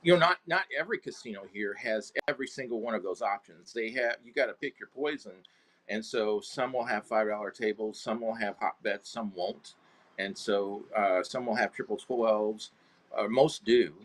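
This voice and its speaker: A man's voice: lowish voice, fairly bright tone. A man as a guest on a casual video call interview, plainspoken and often stopping to correct himself. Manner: halting, self-correcting, plainspoken.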